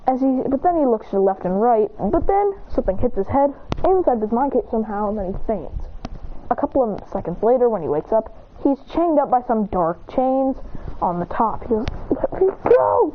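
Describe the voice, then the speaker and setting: Brief: woman narrator, casual and rambling, somewhat high, faint hiss on the line. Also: lively intonation, brisk. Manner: rambling, piles up "he goes" narration. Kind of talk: casual retelling of a fan-made story. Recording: tinny phone-like line with faint noise.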